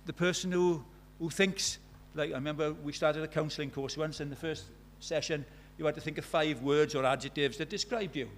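A middle-aged Welsh man preaching a sermon, moving between loud declarations and quiet, hushed asides. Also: on the high side, fairly even intonation, fairly quick, few pauses, a little hiss or hum. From Wales.

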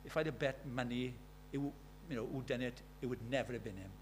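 A man with a South Welsh accent preaching a sermon, earnest, moving from loud emphasis to hushed storytelling. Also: mid-range voice, fast talker, slight background noise. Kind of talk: sermon with personal stories.

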